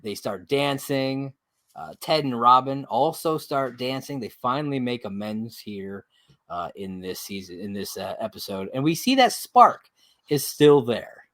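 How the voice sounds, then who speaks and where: Male podcast co-host, animated pitch, casual recap chat, laughs a lot. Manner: laughs often, halting with many uhs.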